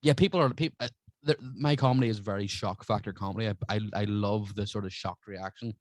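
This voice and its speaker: A man's voice: fairly low pitch, brisk, no room sound. A man, a stand-up comedian, telling brash, profane stories in casual podcast chat. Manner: swears constantly, brash and animated.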